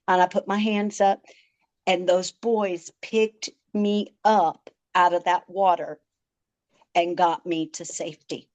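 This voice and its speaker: A woman's voice: lowish voice, steady tone, slow pace, darkish tone. A woman, a podcast guest, vividly recounting a frightening personal story, often stammering and repeating words.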